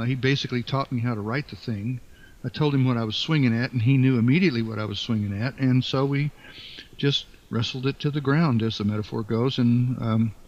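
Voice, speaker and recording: An older man being interviewed as an author, speaking in a halting, thoughtful way with many fillers and restarts. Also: mid-range voice. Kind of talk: reflective interview talk. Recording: dull lo-fi sound.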